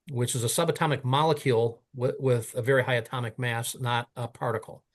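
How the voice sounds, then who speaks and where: A man telling stories in a casual interview, animated and often stumbling over and repeating his words. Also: medium pitch. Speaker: guest, product maker.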